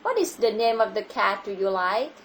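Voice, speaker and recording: A woman's voice: medium pitch, big pitch swings, moderate pace, a little hiss or hum. A woman with a Vietnamese accent teaching a child English over a video call, patiently repeating her questions. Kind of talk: online English lesson for a child.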